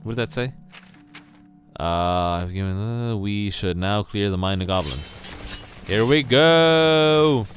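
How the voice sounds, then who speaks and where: A man narrates his gameplay in a slow, unhurried way, breaking into excited shouts between muttered asides. His voice swings widely in pitch. Faint game music plays behind him. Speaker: gameplay commentator. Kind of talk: casual let's play commentary.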